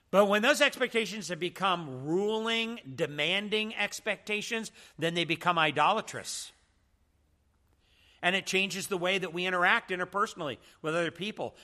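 A man's voice: high voice, sharp tone. A man teaching a church seminar in a preaching style, emphatic and full of rhetorical questions.

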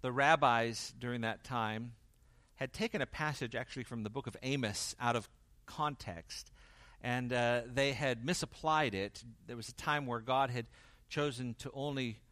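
A man preaching a sermon, swinging from loud emphasis to quiet intensity and acting out the dialogue he quotes. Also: mid-range voice, moderate pace, dry recording. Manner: acts out quoted dialogue in varied voices. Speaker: pastor.

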